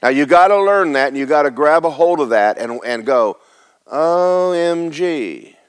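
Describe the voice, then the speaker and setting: A preacher talks a little fast in a clear, resonant, medium-pitched voice. His sermon feels like ordinary conversation: scripture read aloud, an explanation, rhetorical questions, and words repeated for emphasis.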